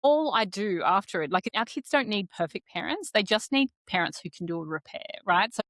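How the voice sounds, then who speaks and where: A woman's voice: medium pitch, animated, fairly quick, a bit bright, no echo, studio quality. A woman, a parenting educator talking frankly as a guest on a casual podcast, often tagging her points with questions. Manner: frank, conversational, fond of tag questions.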